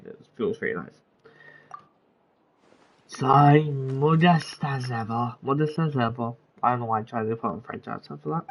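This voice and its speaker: A man's voice: mid-range voice, lo-fi sound. A young man commenting casually while he plays a game, rambling through fillers and restarts. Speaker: gaming video creator. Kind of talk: casual let's-play commentary.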